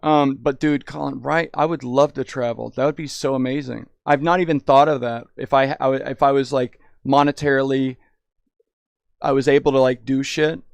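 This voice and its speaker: A man's voice: medium pitch, creaky, no echo. A young man streaming in VR, chatting casually and rambling, swearing a lot and saying "dude". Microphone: headset in VR.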